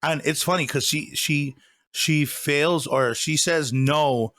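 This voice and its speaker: A man's voice: on the high side, slow pace, fairly bright tone, dry recording, studio quality. Laughing, rambling man retelling movie scenes. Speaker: podcast co-host. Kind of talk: casual movie review chat.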